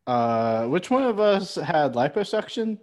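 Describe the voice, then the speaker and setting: A man's voice: on the high side, big pitch swings, unhurried. A man co-hosting a casual podcast chat, cutting in with jokes and teasing his friend. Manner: teasing, joking, cuts in. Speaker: podcast co-host.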